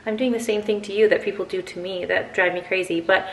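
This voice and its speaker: English woman in her twenties, rambling jet-lagged vlog chat, gravelly edge, roomy sound. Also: medium pitch, fairly even intonation. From England. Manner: chatty, rambling, quick tangents. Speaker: vlogger. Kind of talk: casual morning chat to camera. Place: home.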